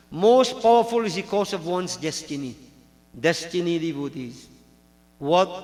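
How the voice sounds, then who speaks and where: Male pandit, storytelling sermon style, high-pitched, reverberant hall sound. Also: a bit bright. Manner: storytelling preacher, repeats lines for emphasis, addresses devotees. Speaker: pandit preaching.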